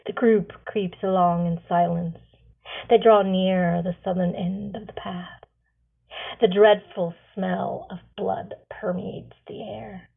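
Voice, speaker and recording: Brief: woman author reading her storybook, unhurried, lo-fi phone-like audio. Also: medium pitch, creaky, breathy edge. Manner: slow, hushed at the grim parts. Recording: tinny phone-like sound.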